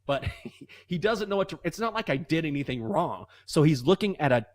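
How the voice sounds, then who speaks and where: A man co-hosting a sports betting show, telling a story with lively acted-out voices, then talking basketball. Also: on the high side, brisk. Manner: animated, acts out voices in anecdotes. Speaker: co-host.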